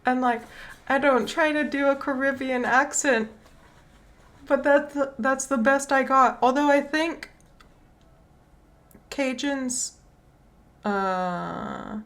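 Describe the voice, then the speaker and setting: A woman's voice: high voice, takes it slowly, fairly bright tone. A woman streamer in casual chat, rambling and unsure, trailing off with fillers.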